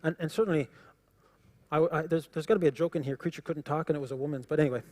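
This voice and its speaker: A man with a slightly high voice gives a lively lecture, dropping quips and chuckling at his own points. His voice rings out with a long hall reverb around it. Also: rapid-fire. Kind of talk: classroom lecture.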